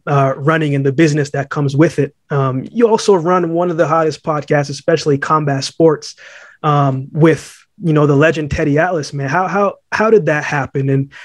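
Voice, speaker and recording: A man's voice: fairly high pitch, no room sound. A man hosting a podcast interview, earnest and affirming, repeating words as he builds his questions. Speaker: podcast host.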